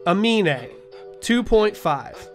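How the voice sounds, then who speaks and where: A man's voice: sits high, sing-song, very slow. A man hosting a weekly music review show, reading scripted album verdicts in a wry, blunt way.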